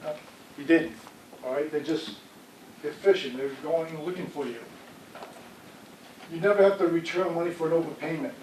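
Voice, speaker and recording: A man's voice: on the high side, normal speed, long pauses, darkish tone, a little hiss or hum. Man giving a talk in an echoey room. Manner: conversational, asks audience "right?" often. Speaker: fraud prevention speaker. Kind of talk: community presentation. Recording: echoey room, speaker far from mic.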